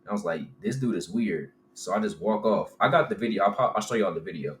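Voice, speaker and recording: A young man casually telling a storytime, animated and profane, tossing in "right?" and "bro" constantly. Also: lowish voice, very fast. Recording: roomy room with faint background hum.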